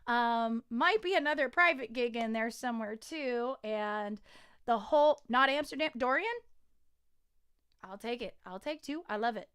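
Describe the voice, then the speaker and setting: Giggly, excitable woman with a smooth voice. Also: on the high side, moderate pace. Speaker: singer-songwriter and pianist. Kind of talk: casual livestream chat.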